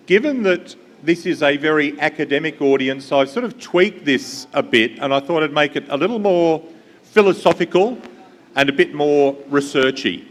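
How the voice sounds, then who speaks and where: A man's voice: fairly high pitch, fairly bright tone. Man, keynote talk, chatty and engaging, many ums, reverberant conference hall. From Australia. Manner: friendly, engages the audience, many fillers. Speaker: invited speaker.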